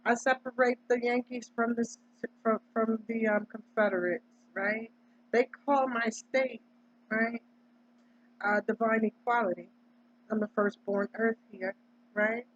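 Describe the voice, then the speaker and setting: A husky woman from Delaware holds forth in a casual, preachy monologue, pressing each point and checking in with "right?" as she goes. Her voice sits in a middle range and comes through dull, lo-fi audio. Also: on the high side, fairly even intonation, a little slow. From Delaware, United States. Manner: emphatic, preachy, tags lines with "right?". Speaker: vlogger.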